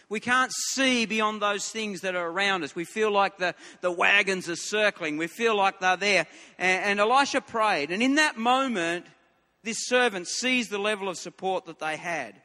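Male preacher, earnest, high bright voice, stammers on restarts, reverberant hall. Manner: earnest, repeats words when starting a thought. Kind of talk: sermon.

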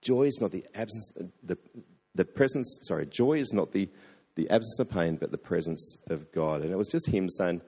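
A man in his forties preaches a sermon, telling a story with earnest feeling and slipping into the voices of the people in it. His voice sits low and gravelly with a husky edge, and it rings out with the long reverb of a big hall. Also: expressive, moderate pace, dark tone. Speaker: pastor.

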